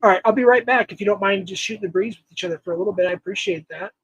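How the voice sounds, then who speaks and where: Male livestream host, high voice, dry close sound, loose and rambling with lots of ums. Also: racing, fairly bright tone, husky, no echo, low-quality recording. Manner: rambling, thankful, laughs often, trails off with fillers. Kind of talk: casual livestream chat.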